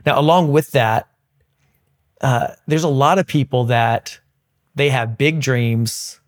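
A man's voice: medium pitch, slow pace, no room sound, studio quality. A man hosting an interview, asking questions and affirming his guest in an encouraging way. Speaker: podcast host. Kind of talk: interview conversation.

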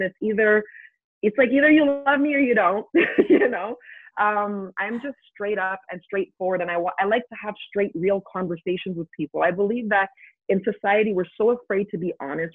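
A woman's voice: mid-range voice, a little fast, husky, dry recording. Emphatic woman on a tinny phone line. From Canada. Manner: straightforward and emphatic, laughs readily. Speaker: podcast guest. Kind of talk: casual interview talk.

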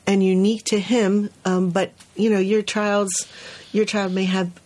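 A woman's voice: mid-range voice, measured pace. A woman who teaches at a preschool, co-hosting a podcast and telling a story in casual conversation, acting out the quoted voices and often restarting her sentences. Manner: animated, acts out the quoted voices of others; frequent restarts and "you know" fillers.

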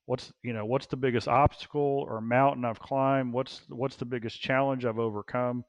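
A man speaking as an interview guest, a business coach who talks in an animated way, repeating phrases and laughing often. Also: mid-range voice, moderate pace, dry recording, lo-fi sound. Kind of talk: casual interview talk.

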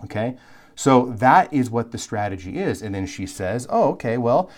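A man teaching a live Bible course, talking in an animated, emphatic, conversational way with asides and quick restarts. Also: fairly low pitch, a little hiss or hum. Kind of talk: live recorded lecture.

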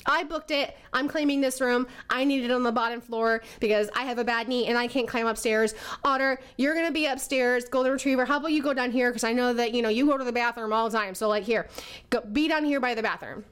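A woman's voice: fairly high pitch, fast, a bit bright, clean tone, close to an everyday voice. A woman voicing a controlling man who gives orders in an impatient, curt way. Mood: bossy. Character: bossy controlling man who must lead.

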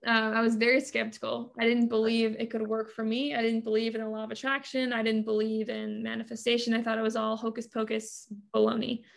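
A woman's voice: on the high side, little pitch movement, a little fast, vocal fry, few pauses. A woman guest on a podcast, telling her story in earnest, chatty talk with many fillers. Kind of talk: casual interview talk.

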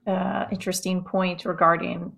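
A woman in casual conversation, agreeable and quick, laughing often. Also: fairly low pitch, little pitch movement, vocal fry, a bit bright.

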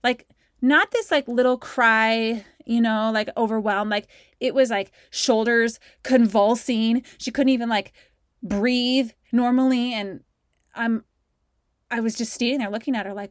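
A woman telling a personal story in an animated, conversational way, voicing her own past thoughts as she goes. Her voice sits a bit on the high side and the sound is dry and close, with no room echo. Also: measured pace. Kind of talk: storytelling talk.

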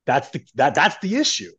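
Energetic man coaching through exercises. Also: a little high, husky, lo-fi sound. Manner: animated, instructive, guiding listeners through exercises. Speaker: coach guest on podcast. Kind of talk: conversational coaching demonstration.

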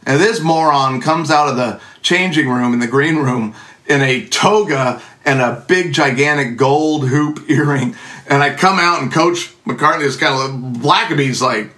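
A man's voice: mid-range voice, unhurried, sharp tone. A middle-aged man telling a funny personal story in a casual, sarcastic, self-mocking way.

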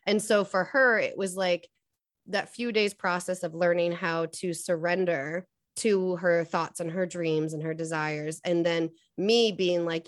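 Young adult woman, earnest coach guest; lower voice, dry recording. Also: fairly even intonation, moderate pace, no echo. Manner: earnest, storytelling, many likes and fillers. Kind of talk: casual podcast interview.

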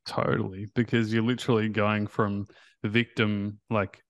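A man's voice: on the low side, level tone, moderate pace, dry recording. A man hosting a casual interview as a recovery coach, affirming and encouraging his guest.

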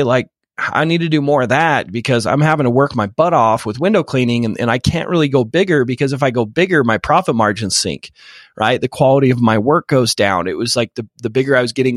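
A man's voice: medium pitch, dry recording, clean studio sound. A man in his thirties, a podcast guest telling an emotional personal story with many repeated false starts. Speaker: podcast guest, real estate investor.

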